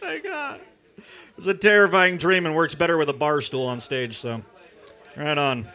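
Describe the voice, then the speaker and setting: Loud, bright-voiced stand-up comic. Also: male voice, on the high side, fairly even intonation, normal speed, clean tone. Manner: crude, loud, jokey storytelling. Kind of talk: stand-up comedy set. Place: open mic stage at a bar.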